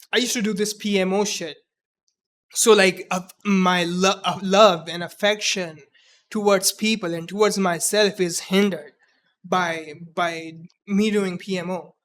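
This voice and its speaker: A man in his twenties with a mixed Indian English accent, talking earnestly and haltingly in a personal reflective monologue, often restarting his words. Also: sits high, fairly bright tone. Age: 20s. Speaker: vlogger.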